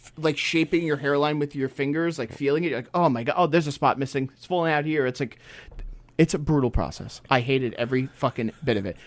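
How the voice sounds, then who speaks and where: A man co-hosting a casual podcast, telling a profane, animated story. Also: a little high, fast talker. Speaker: podcast co-host. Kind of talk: casual chat.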